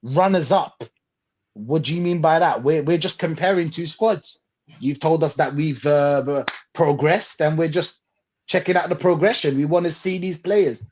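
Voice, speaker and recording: A man's voice: a little high, normal speed, slightly rough. A man hosting a casual fan podcast, reading out chat comments with slang and frequent laughter. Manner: excitable, laughs often, slangy.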